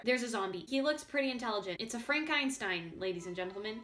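A teenage girl giving casual, deadpan, jokey game commentary with sudden panicked shrieks, sounding a bit congested. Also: fairly high pitch, fast. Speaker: gaming YouTuber.

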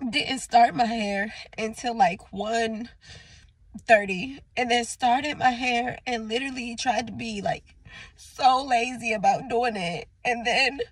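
A woman's voice: fairly high pitch, slow, slightly rough, no room sound. A woman in her twenties talking casually to camera in a vlog, venting her frustration and sometimes tearful. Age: 20s. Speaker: vlogger.

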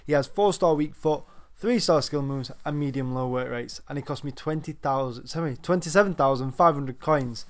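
A man's voice: fairly high pitch, moderate pace. A young man, slightly out of breath, rambling casually through a video game player review with lots of ums. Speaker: gaming YouTuber.

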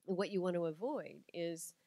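A middle-aged woman giving a lively talk to an audience, telling stories and acting out quotes with animation. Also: on the low side, normal speed, no room sound. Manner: animated storytelling, acts out quotes.

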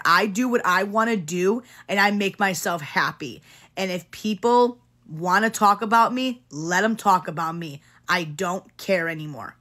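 A woman with a lowish, bright, forceful voice livestreams to her chat, speaking casually and earnestly. She urges viewers to ignore online hate, repeating herself and tacking on "okay?" to reassure them.

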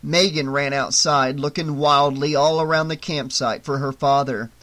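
A man narrating a horror audiobook in a bright, forceful voice that sits a little high for a man. He reads with dramatic, tense storytelling. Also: fairly even intonation, normal speed.

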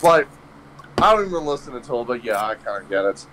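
A man's voice: medium pitch, big pitch swings, fairly quick, a bit bright, slight background noise, rough recording. Rambling young man telling a stoner story. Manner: rambling, heavy swearing, laughing at own jokes. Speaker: podcast host. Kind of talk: casual storytelling chat.

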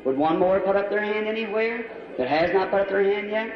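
A man's voice: high-pitched, a little fast. A man preaching an altar call in a large church, pleading fervently and repeating his appeals. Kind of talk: sermon altar call and prayer. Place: large church with balcony and box seats. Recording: old lo-fi hall recording from far off, faint music.

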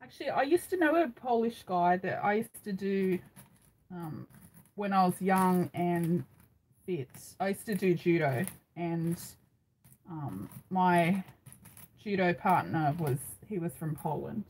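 A woman's voice: lowish voice, animated, unhurried, a little mellow, slight background noise, rough recording. A middle-aged Australian woman hosting a craft live stream, chatting casually and rambling with frequent ums, recorded on a phone. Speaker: craft channel host.

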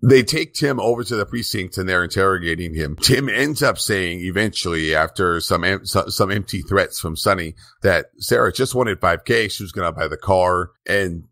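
A man with a low, deep voice talks through a TV episode on a podcast. He keeps the recap brisk and casual and laughs often. The sound is dry and close. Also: bright, forceful tone, dry recording. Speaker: podcast co-host.

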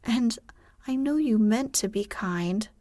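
A woman voicing Wendy, a brave, proper young girl, in a soft, breathy, hushed storybook reading. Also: fairly high pitch, expressive, slow, no echo, studio quality. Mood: relenting.

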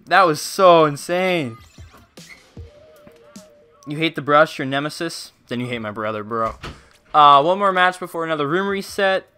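A man streaming a game live, chatting casually with viewers and teammates, excitable and humming along. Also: on the high side, brisk, clear, resonant tone, faint music behind. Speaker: gaming streamer.

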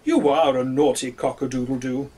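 A man's voice: mid-range voice, fairly even intonation, moderate pace, mellow, breathy edge, close to an everyday voice. Brief: stern, grumpy storybook sun, raised scolding voice, put on by a male reader.

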